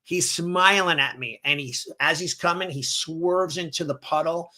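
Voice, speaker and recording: Bright-voiced middle-aged man telling a story. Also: a little high, a little slow. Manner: animated storyteller who acts out quoted voices. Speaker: martial arts instructor, podcast guest. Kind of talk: casual storytelling. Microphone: seen on video, holds up books to camera.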